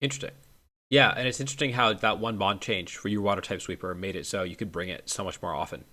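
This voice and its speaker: A man's voice: fairly low pitch, fast, sharp tone. A man hosting an interview, giving short encouraging responses and steering the questions. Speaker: host interviewer. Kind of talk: casual interview.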